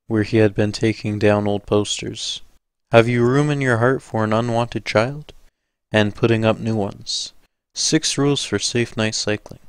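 Low, steady male audiobook narrator. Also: clear, resonant tone, dry recording.

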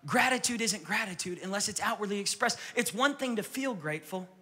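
A male pastor preaching a sermon in a church with energetic, repetitive phrasing that sometimes drops to a whisper. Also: high-pitched, fairly quick, in a large hall. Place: church sanctuary.

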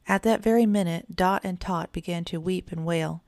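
A woman narrating a children's audiobook in a measured storytelling way. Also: fairly low pitch, darkish tone, dry recording, clean studio sound.

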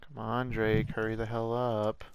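Gravelly-voiced male streamer, casual profane banter with friends over a game. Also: lowish voice, completely flat delivery, unhurried, slight background noise. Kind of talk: casual gaming chat with friends.

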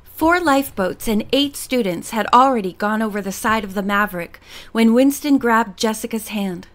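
A woman narrating an audiobook with a steady, expressive delivery. Her voice sits a little on the high side. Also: normal speed. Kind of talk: audiobook reading.

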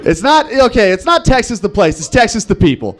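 A man's voice: high voice, a little fast. A man in his twenties from Nevada, doing a wry, self-deprecating stand-up set on a club stage. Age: 20s. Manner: wry, self-deprecating, animated impressions of locals. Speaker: stand-up comedian.

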